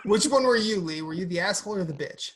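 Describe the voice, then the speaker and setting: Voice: medium pitch, expressive, moderate pace. A podcast host in casual chat who laughs often and keeps the conversation moving.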